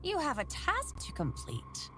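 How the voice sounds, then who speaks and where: A woman voicing a frail, sadistic old woman whose creaky voice stays eerily calm and softly menacing. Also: high-pitched, a little slow, slight background noise, exaggerated voice. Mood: serenely menacing.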